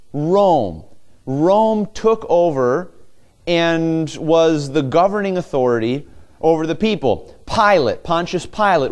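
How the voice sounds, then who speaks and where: A man's voice: fairly high pitch, darkish tone. A man preaching a sermon, asking rhetorical questions and acting out quoted voices. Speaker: pastor.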